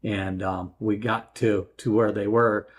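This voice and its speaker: A man's voice: lowish voice, level tone, unhurried. A middle-aged man hosting a story channel, chatting casually and rambling with many fillers and restarts. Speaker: host. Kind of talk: casual chat.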